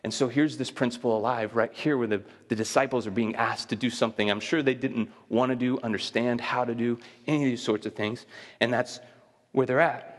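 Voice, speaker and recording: A man preaching to his congregation, his mid-pitched voice carried by a long reverb in a large hall. He tells his stories with animated energy, acting out quotes and laughing often. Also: brisk. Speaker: pastor. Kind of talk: sermon.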